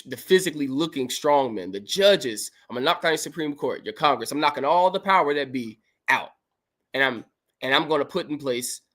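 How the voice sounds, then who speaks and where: A man's voice: medium pitch, fairly bright tone. A man hosting a livestream, reading Bible verses aloud and commenting on them in an emphatic, preachy way. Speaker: podcast host.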